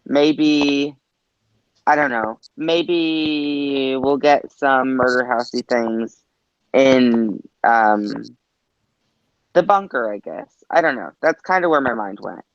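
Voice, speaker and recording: A man's voice: mid-range voice, slow pace, clean tone, no room sound. A man joining a casual show discussion as a guest, hedging his ideas with "like" and "I don't know.". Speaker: guest panelist. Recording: dull dry lo-fi audio.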